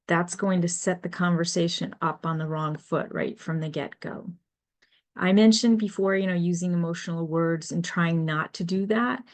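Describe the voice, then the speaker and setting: Slow, measured woman giving a webinar talk. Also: on the low side. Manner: measured, explanatory, with frequent fillers. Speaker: business advisor and HR consultant. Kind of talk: webinar presentation.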